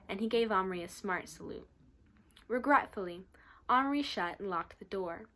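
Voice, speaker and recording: Woman, student reader, children's novel read aloud, expressive, even middle pitch. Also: moderate pace. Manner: steady, expressive storytelling.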